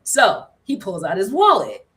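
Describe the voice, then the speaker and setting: A woman's voice: medium pitch, unhurried, distant mic. A woman guest telling a funny personal story in casual chat on a video call, laughing often and acting out what people said. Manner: animated, laughs often, acts out quotes.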